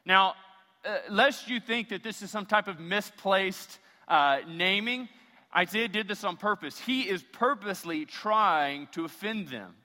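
A man's voice: sits high, measured pace, sharp tone, long reverb tail. A man preaching a sermon as a pastor, emphatic and repeating phrases for stress.

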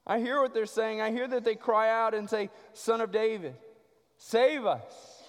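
Preacher reading Jesus: calm, firm grown man, a touch high, echoey hall. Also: a little fast, clear, resonant tone.

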